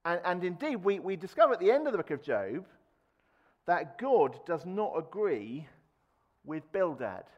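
A man's voice: high voice, sing-song, normal speed, a little mellow, dull audio. A man preaching a sermon in a conversational way, with fillers and restarts, raising his voice to act out quoted lines. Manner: acts out quoted speech with raised voice.

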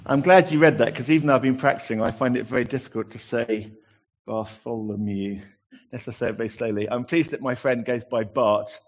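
A man's voice: mid-range voice, quick pace, hardly any pauses, lo-fi sound. A man preaching a sermon, chatty and self-deprecating, with many fillers as he tells anecdotes. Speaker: pastor.

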